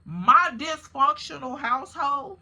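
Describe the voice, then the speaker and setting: A woman telling a story to her viewers in a casual, animated way, swearing freely and speaking straight to them. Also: high-pitched, slow pace.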